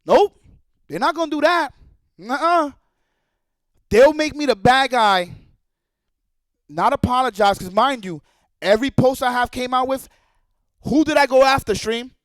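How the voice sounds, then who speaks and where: A man's voice: very high voice, measured pace, pauses often, fairly bright tone, dry recording. A man streaming a heated, profane rant, repeating his points with anger. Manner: angry, profane, repetitive.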